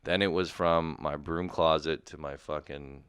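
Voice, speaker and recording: A man's voice: rumbling low, steady tone, measured pace, fairly bright tone, clean tone, no echo, studio quality. A young man ranting comedically, exasperated and profane, mock outrage building between laughs. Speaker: podcast host. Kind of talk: comedic rant.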